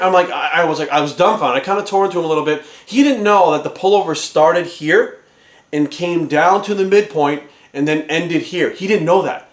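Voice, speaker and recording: A fitness trainer ranting angrily at the camera, swearing constantly and sounding exasperated. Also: male voice, fairly high pitch, fairly quick. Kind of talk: profane ranting vlog. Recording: echoey room.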